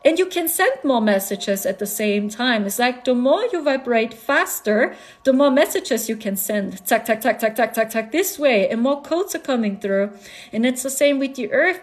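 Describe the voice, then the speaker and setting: A woman chatting on a live stream, laughing often and repeating herself as she talks. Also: a little high. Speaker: spiritual vlogger. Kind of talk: casual live-stream chat.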